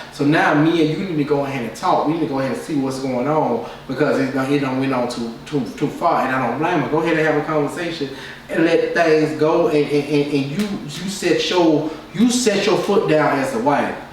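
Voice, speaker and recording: A man's voice: fairly high pitch, a little fast. A man casually giving his opinions as a reality TV reviewer, in a loose, repetitive way with lots of filler phrases. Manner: loose, repetitive, keeps saying "you know what I'm saying". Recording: very echoey room, distant mic, faint noise.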